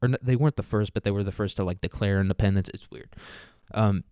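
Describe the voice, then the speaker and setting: A man's voice: on the low side, fast talker, dark tone, clean tone, no echo, studio quality. A young man hosting a casual solo podcast, rambling and profane with joking asides and laughs. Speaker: podcast host.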